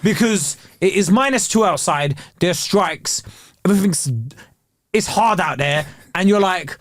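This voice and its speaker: Comedy podcast co-host, a man, high voice, sarcastic rants, stuffy nose, dry close mic. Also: measured pace, dry recording. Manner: sarcastic, animated ranting with put-on voices. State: congested, runny nose. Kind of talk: comedic ranting chat.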